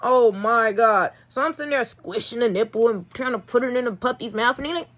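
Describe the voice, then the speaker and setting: A young woman breeder telling a casual vlog story in an animated, exasperated way, swinging between loud and soft. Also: a little high, a little fast, a little hiss or hum. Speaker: dog breeder.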